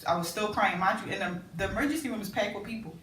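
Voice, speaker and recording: A woman's voice: medium pitch, very fast, a bit bright, slight background noise. A woman in casual conversation telling an emotional personal story of loss. She reenacts her own pleading and the words of the people around her. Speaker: sister sharing a story. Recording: echoey room, mic at a distance.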